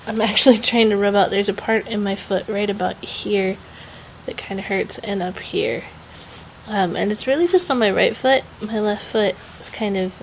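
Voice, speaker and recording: A woman's voice: mid-range voice, slight background noise, rough recording. A young woman with a Southern US accent, chatting casually in a home vlog, rambling with many "um"s and laughs. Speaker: vlogger.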